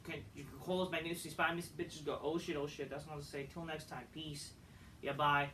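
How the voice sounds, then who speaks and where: Exasperated man ranting, bright and high. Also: fairly even intonation, a little fast, far from the mic, slight background noise, poor audio. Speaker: wrestling show reviewer. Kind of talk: ranting casual review.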